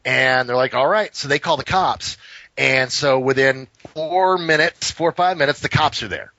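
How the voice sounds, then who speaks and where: A man, a podcast co-host, tells a long story in casual talk. He is animated and profane, and he acts out each person in it. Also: mid-range voice, moderate pace, no echo. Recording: slightly dull, dry recording.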